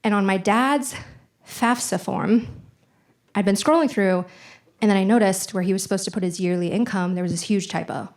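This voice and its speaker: A woman's voice: medium pitch, normal speed. A young adult woman performing stand-up comedy on a theater stage, telling a story and acting out the dialogue. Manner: animated, acts out dialogue in voices.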